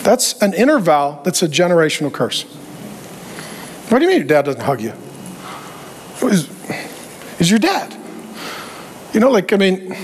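A man preaching a sermon as a pastor, animated and joking, and acting out the voices he quotes. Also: sits high, a little hiss or hum.

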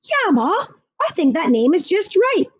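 A woman puts on an excitable young boy for a storybook reading, high and springy with eager pleading. The sound is dry and slightly dull. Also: a little slow, dry recording, full character voice.

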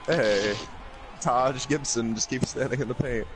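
A man's voice: mid-range voice, a little slow, a little hiss or hum, poor audio. A young man chatting casually while playing a game on stream, joking and cheering plays. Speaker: gamer.

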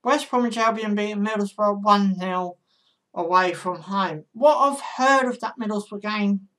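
A woman's voice: mid-range voice, unhurried, a bit bright. A woman vlogger giving casual football predictions in a chatty monologue, talking straight to her viewers.

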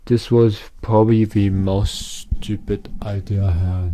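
A man's voice: fairly low pitch, steady tone, unhurried, hardly any pauses, noisy background. An exhausted man rambling through an unscripted vlog, repeating himself and mocking himself as he goes. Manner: rambling, repetitive, self-mocking. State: exhausted, worn out. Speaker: YouTuber.

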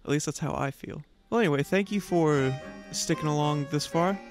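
A man's voice: a little high, moderate pace, music in the background. A young man hosting a book vlog, retelling a story in a rambling, informal way and reading passages aloud. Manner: rambling, informal, swears lightly. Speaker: book vlogger.

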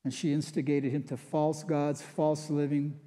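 Folksy pastor in a reverberant hall. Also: male voice, fairly high pitch, level tone, unhurried, dark tone. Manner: folksy storytelling, acting out voices and sounds. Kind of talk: conversational Bible teaching sermon. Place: church sanctuary.

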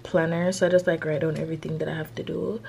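A young college woman talks casually to her camera, her voice sitting a little low. She rambles in a chatty, open way, leaning on "like" and sounding a touch self-conscious. A faint hiss runs underneath. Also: flat delivery, quick pace, gravelly, mellow. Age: young adult. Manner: chatty, peppered with "like". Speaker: college student vlogger. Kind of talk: casual vlog chat to camera.

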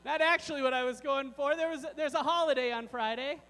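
Playful and joking with both the kids and the adults, a very high-voiced man leads a children's sermon. His voice echoes with a long reverb through a large church sanctuary over a faint mains hum. He speaks fairly quickly, with a bright, forceful tone.

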